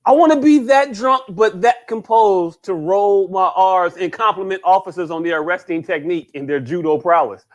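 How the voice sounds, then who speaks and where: A high-voiced man cracking jokes and swearing through a loose podcast chat, his delivery bouncing and excitable. He sounds a bit tipsy as he keeps breaking into laughter. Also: moderate pace, hardly any pauses. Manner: profane, animated, laughs a lot, repeats "hey, look". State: a bit drunk. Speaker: podcast co-host. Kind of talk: casual comedic chat.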